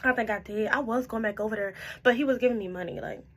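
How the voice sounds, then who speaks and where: A woman's voice: on the high side, fast talker. A tipsy young woman telling a storytime in casual, profane chat, jumping around as she goes. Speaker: storytime vlogger.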